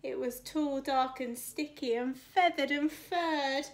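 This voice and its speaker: A woman's voice: high voice, slow. A woman teacher reading a rhyming picture book aloud to children, with a sing-song rhythm. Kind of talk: expressive storybook read-aloud.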